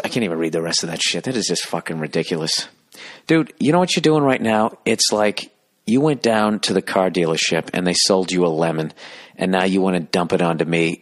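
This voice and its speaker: A man's voice: lowish voice, fairly bright tone. Sarcastic, swearing male podcast host. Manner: sarcastic, profane, riffing. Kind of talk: solo comedic rant.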